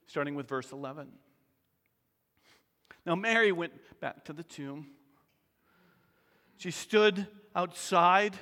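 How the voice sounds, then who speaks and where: Slow, high-voiced pastor in a reverberant hall. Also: male voice, sharp tone. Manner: slow and deliberate, drops to near-whispers for emphasis. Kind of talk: sermon.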